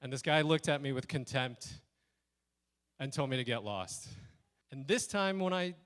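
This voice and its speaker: Man telling a story with lively voices. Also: mid-range voice, normal speed. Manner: animated, acts out quoted lines in shifting voices. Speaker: speaker telling a personal story. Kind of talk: live storytelling talk. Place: stage at a speaker event.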